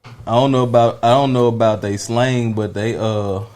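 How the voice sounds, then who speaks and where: A man's voice: medium pitch, steady tone, normal speed, darkish tone, slight background noise. Laid-back man in loose podcast banter. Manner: loose, laughing banter with slang. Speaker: podcast co-host. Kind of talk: casual chat.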